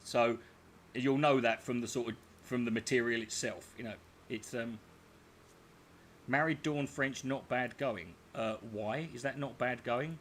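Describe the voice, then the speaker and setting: A man's voice: medium pitch, measured pace, a bit bright, a little hiss or hum. A man hosting a livestream, chatting casually with lots of fillers and restarts. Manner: rambling, filler-heavy, restarts often. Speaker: livestream host. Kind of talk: casual chat.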